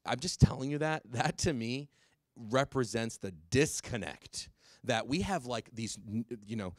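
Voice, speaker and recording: A man giving a public talk to parents, animated and quick, with many fillers and restarts. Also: medium pitch, no echo, clean studio sound. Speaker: drug policy speaker.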